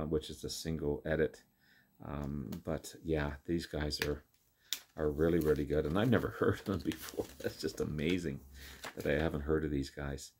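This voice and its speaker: Deep voiced guy showing off his vinyl haul, laid back, lots of uhs. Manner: relaxed, rambling, lots of ums and uhs. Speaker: vinyl collector vlogger. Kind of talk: casual record show-and-tell.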